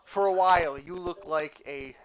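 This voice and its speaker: A man narrating a tabletop game as game master, in a casual, halting way. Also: a little high, noisy background.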